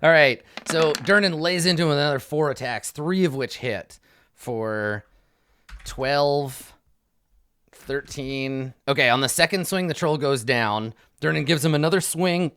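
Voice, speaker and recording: A man's voice: medium pitch, a little slow, fairly bright tone, clean tone, no echo, studio quality. A man narrating as game master in a tabletop game, describing the combat loosely with many fillers and restarts.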